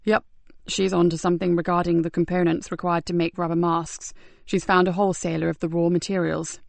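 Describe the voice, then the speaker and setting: Woman playing a male sergeant, low, slow, measured, gravelly, dry sound. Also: little pitch movement, a little mellow, dry recording. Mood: pensive. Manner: measured and pensive. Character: calm, thoughtful male detective sergeant. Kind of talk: audiobook character voice.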